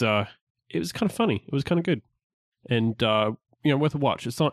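A man's voice: on the low side, no room sound, studio quality. A man co-hosting a casual geek podcast, opening in an upbeat way, then rambling with many restarts. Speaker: podcast co-host.

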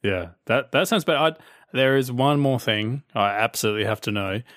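A man's voice: medium pitch, a bit bright, no room sound, clean studio sound. A man co-hosting a podcast in a chatty, teasing way. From Australia. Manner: chatty, teasing, quick to laugh. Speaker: podcast co-host. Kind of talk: casual chat.

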